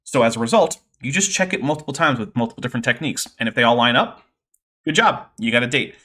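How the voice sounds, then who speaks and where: A man's voice: medium pitch, lively intonation, quick pace, pushed and bright. A man hosting a livestream, explaining science in a casual, nerdy way with many fillers. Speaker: host.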